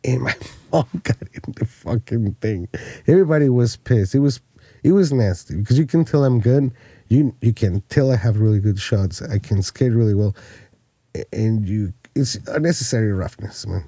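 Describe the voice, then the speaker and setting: A man in his forties from Mexico, a podcast guest telling animated, profane stories with frequent laughs. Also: on the low side, moderate pace, slightly rough, no room sound. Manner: laughing, swearing, animated anecdotes. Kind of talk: casual storytelling chat.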